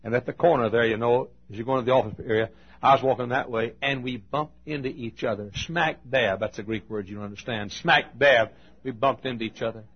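A man preaching a sermon, telling folksy stories and swinging between loud and hushed delivery. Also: mid-range voice, fairly quick, husky, highs cut off. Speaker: pastor. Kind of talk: sermon storytelling.

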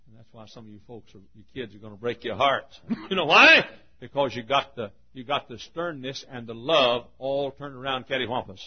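Older male preacher, husky folksy sermon delivery, muffled old tape sound. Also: medium pitch, moderate pace. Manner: folksy, laughing, shouting for emphasis.

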